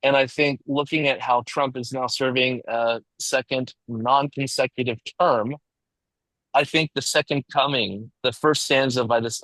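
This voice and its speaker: Measured man leading a discussion group. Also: mid-range voice, fairly bright tone, no echo, low-quality recording. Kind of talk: informal lecture to a small group.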